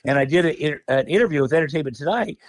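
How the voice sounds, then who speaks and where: A man guest on a podcast launches into a rambling anecdote, swearing freely and laughing through his own lines. His voice sits a little higher than most men's, and the sound is dry and close. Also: fast talker, no room sound. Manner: animated, profane, laughs mid-sentence. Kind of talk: casual anecdotal storytelling.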